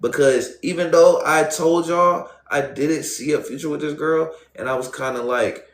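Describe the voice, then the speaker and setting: A young man streams live, casually telling his viewers a personal story in loose, profane street slang and addressing them directly. His voice is a little high at a moderate pace, with a roomy echo in the recording.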